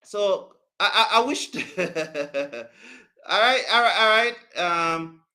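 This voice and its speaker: A man's voice: high voice, animated, takes it slowly, bright, forceful tone. A man hosting a cricket live stream, answering chat comments with passion, emphasis and lots of repetition. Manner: passionate, emphatic, repeats himself. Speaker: cricket show host.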